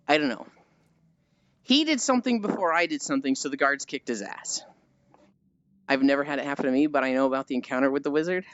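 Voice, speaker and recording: Brief: low-ish woman streamer, very expressive delivery, dry slightly dull mic. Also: dry recording. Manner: animated storytelling, swears often. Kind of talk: casual chat with viewers.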